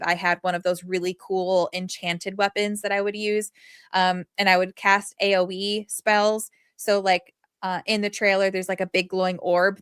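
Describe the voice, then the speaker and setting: Woman co-host, mid pitch, chatty and rambling, close dry mic. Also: smooth, no room sound. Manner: animated, rambling with many fillers. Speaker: podcast co-host. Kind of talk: casual chat.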